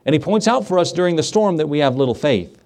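Pastor, male, fairly high voice, animated sermon, acts out the quotes. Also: fast. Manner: conversational asides and rhetorical questions.

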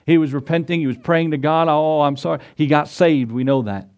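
In a church, a pastor preaches a sermon, retelling scripture in a folksy way and putting rhetorical questions to his congregation. His voice is fairly high and a little mellow, and he speaks fairly quickly.

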